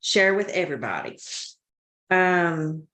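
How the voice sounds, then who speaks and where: A woman gives a motivational talk, urging her listeners and firing questions at them. Her voice is fairly low, and it echoes around the room she is in. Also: animated, takes it slowly, fairly bright tone, highs cut off. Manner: urgent, coaching, asks the listeners questions. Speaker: sales team speaker.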